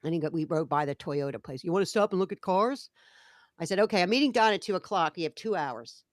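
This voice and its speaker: A woman's voice: lowish voice, animated, fast, no room sound, clean studio sound. A woman co-hosting a casual chat, telling a story animatedly and acting out the dialogue of the people in it. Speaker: co-host.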